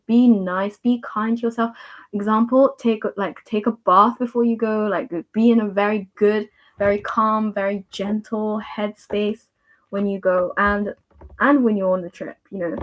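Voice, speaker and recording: A young woman reads tarot cards for viewers in a relaxed livestream chat. Her voice sits at an ordinary middle pitch, and her talk rambles along full of fillers and repeated words. She keeps a gentle, reassuring tone throughout. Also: unhurried.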